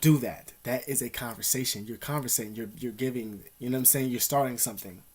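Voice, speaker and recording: A man's voice: mid-range voice, fast talker, a little mellow, breathy edge. Profane rambling man giving advice. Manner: profane, rambling, street-slang talk with many fillers. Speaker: vlogger. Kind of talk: casual advice monologue.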